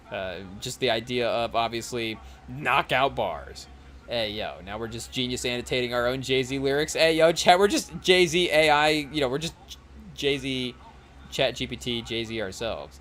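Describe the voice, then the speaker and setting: A man's voice: mid-range voice, a bit bright. A young man hosting a podcast in casual chat while watching a live game, rambling and often saying "hey, yo" and addressing the chat. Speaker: podcast host.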